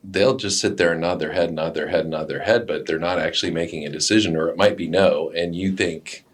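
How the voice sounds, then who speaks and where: A man's voice: deep voice, steady tone, fairly quick. A man co-hosting a casual business podcast, mostly giving short agreeing replies and dry quips. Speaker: podcast co-host.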